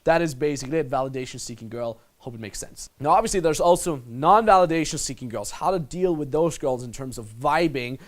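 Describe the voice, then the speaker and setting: A man's voice: medium pitch, expressive, brisk, hardly any pauses. A man working as a dating coach, talking casually and crudely as he breaks down footage in a voice-over lesson. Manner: crude, casual, mimics others in put-on voices.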